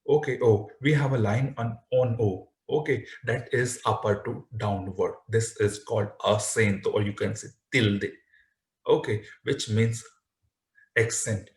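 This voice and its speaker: Man, language teacher, slightly low voice, patient, repetitive classroom explanation, roomy echo. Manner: patient, repeats phrases, frequent "okay" and "right?". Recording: echoey room.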